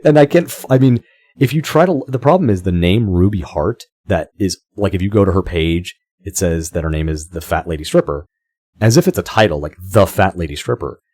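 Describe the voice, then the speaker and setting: A man's voice: low voice, lively intonation, brisk, mellow, dry recording, studio quality. A man co-hosting a podcast, talking casually, swearing freely and often restarting his sentences. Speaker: podcast co-host.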